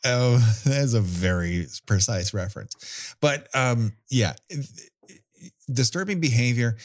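A man's voice: mid-range voice, lively intonation, slow, dry recording, studio quality. A man co-hosting a casual chat about horror movies, rambling and wry, with casual swearing. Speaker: podcast co-host.

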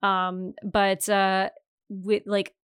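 A woman's voice: medium pitch, monotone, drawn-out words, fairly bright tone, clear, resonant tone, no room sound, clean studio sound. A woman in her thirties from Northern Ontario with a Canadian accent, hosting a podcast in chatty, self-deprecating casual talk with frequent laughs. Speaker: podcast host. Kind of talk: casual chat.

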